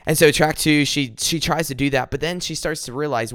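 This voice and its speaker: A man's voice: fairly high pitch, a little fast, a bit bright, no room sound, clean studio sound. A young man giving an earnest devotional talk, often repeating words and phrases for emphasis. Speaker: devotional speaker.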